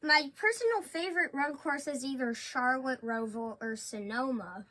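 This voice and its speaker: A woman co-hosts a casual racing chat and answers in short, hesitant bits. Her voice is high and bright. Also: moderate pace, poor audio. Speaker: podcast co-host.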